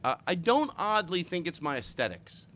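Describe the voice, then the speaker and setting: A man hosting a casual comedy podcast chat, animated and joking, with some swearing. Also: sits high, slight background noise. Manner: animated, swearing, quick jokes. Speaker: podcast host.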